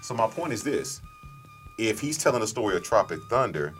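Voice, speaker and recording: Male podcast co-host, low voice, rambling, excitable, swears a lot, faint music underneath. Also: fairly quick. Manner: rambling, swearing, bursts into loud excited impressions. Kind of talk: excited film chat.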